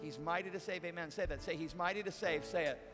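A man's voice: on the high side, quick pace, big-room sound, music in the background. A man preaching a sermon as pastor, casual and conversational, with playful asides to the congregation. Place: large church auditorium.

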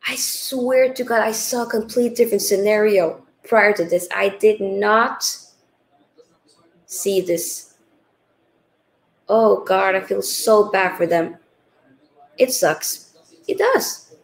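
Chatty woman, gravelly voice. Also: mid-range voice, slow, pauses often, low-quality recording. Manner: chatty, animated, reads out viewer comments. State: tired. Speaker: livestream host. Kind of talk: casual live watchalong chat.

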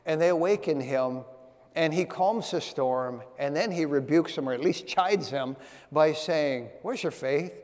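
Guy preaching in church, kinda high voice, tells little stories, big echoey hall. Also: unhurried, a little mellow. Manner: storytelling preacher, reads scripture in old-fashioned phrasing. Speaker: pastor. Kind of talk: sermon. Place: church sanctuary. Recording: long church hall reverb.

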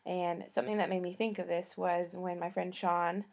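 A tired young woman with a slight Southern US accent, a college student rambling casually to the camera, often trailing off softly. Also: fairly low pitch, level tone, normal speed, vocal fry. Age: young adult.

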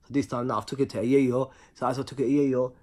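A man tells a personal story in a casual monologue, speaking fast at medium pitch. His delivery is animated and full of slang, with words repeated for rhythm.

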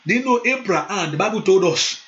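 A male pastor preaching a sermon, moving into loud fervent prayer and speaking in tongues. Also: high-pitched, animated, a little fast. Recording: dull lo-fi sound.

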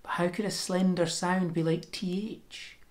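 A woman giving a pronunciation lesson, explaining sounds step by step and demonstrating them slowly and deliberately. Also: lowish voice, steady tone. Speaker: language teacher.

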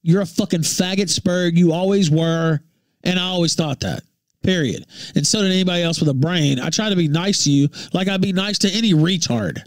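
A man from Memphis, ranting profanely on his livestream, jumping between shouts and low mutters. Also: fairly quick, no echo, clean studio sound. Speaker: livestream host.

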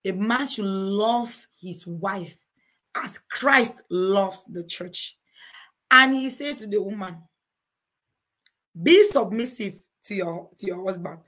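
A husky-voiced, middle-aged woman talks marriage and faith. Her delivery is earnest and preachy, built on rhetorical questions she answers herself. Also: medium pitch, a little slow, pushed and bright. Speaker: co-host of a couples talk show. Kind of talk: preachy advice talk to a live chat.

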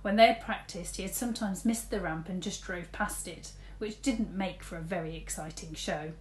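A woman teacher reading a storybook aloud, lively, switching between big shouts and soft whispers for the characters. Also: lowish voice, moderate pace, echoey room.

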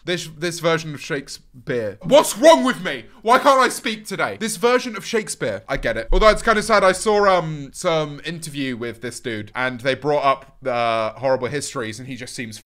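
A British man in his twenties with a fairly high voice and a sharp, bright tone. He streams casual reaction commentary, sweary and sarcastic, sounding exasperated with his chat. He speaks into a desk mic indoors. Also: lively intonation, normal speed, few pauses. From United Kingdom. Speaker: streamer host.

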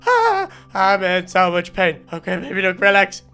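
A silly, excitable little baby duck, as a man puts him on, chattering to himself in a high, bright, clean voice. He rambles on nervously through a game role-play. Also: normal speed, smooth, soft background music, full character voice. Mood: pained. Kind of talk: Minecraft role-play narration.

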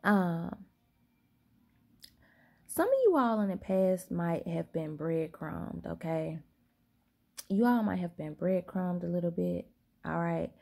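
A woman's voice: fairly low pitch, expressive, slow, vocal fry, long pauses, mellow. Sleepy woman reading tarot. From Southern United States. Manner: drawling, repeats "okay?" and "y'all", yawning. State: sleepy, up in the middle of the night. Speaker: tarot reader. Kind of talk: casual tarot reading to camera.

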